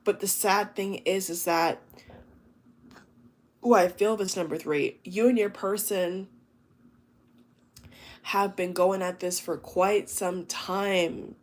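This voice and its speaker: In a mid-range voice with fairly even intonation, she speaks slowly and pauses often. The tarot reader addresses her viewers in a collective reading, chatty and emotive, loaded with exclamations and fillers.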